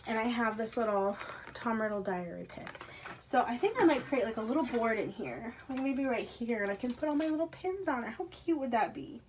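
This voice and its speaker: A fairly high-pitched woman chatting casually as she unboxes items at home. She gushes with excitement and keeps slipping into soft, breathy whispers. A faint hiss sits under the recording. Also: a little fast. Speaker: unboxing vlogger. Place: carpeted room at home.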